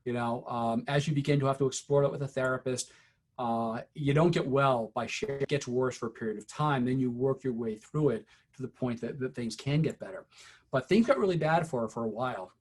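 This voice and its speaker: A middle-aged man giving a teacher training, telling a story in a conversational, unhurried way with many fillers. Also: mid-range voice, darkish tone.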